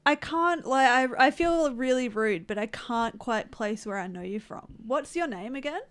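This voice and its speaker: A woman's voice: high-pitched, animated, moderate pace, fairly bright tone. A woman playing in a live tabletop game, chatting in a playful, teasing way with frequent laughter. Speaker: player and co-host. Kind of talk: improvised tabletop role-play and casual chat.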